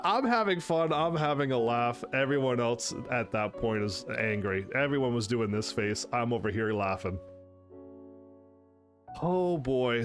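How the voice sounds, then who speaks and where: A man hosting his own channel, looking back over his old gaming videos in casual, rambling commentary, full of restarts and bursts of laughter. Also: medium pitch. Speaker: channel host.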